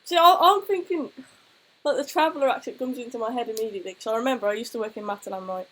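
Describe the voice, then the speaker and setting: A woman's voice: on the high side, quick pace, low-quality recording. A woman co-hosting a casual football chat stream, thanking viewers and telling stories. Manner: chatty, thanks viewers, tells anecdotes. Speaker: co-host of a football chat show.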